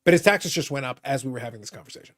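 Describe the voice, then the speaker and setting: A man hosting a casual live-stream chat about cards, joking, with animated mock-outraged asides. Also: medium pitch, very fast. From Canada. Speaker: podcast host.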